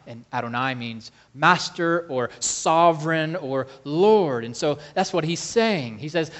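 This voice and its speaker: A man preaching a sermon, slow and emphatic, calling to the congregation for amens. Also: a little high, animated, fairly bright tone. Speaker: pastor.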